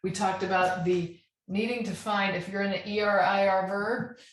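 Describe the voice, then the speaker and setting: A woman's voice: medium pitch, little pitch movement, normal speed. A woman teaching a Spanish grammar lesson, patient and checking in often as she spells out verb endings. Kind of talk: classroom lesson. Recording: echoey room.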